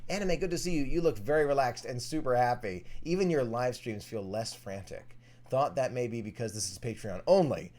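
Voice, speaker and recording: A man's voice: medium pitch, a little fast, darkish tone. A young man hosting a casual live stream, reading viewer comments aloud and answering them in a chatty way.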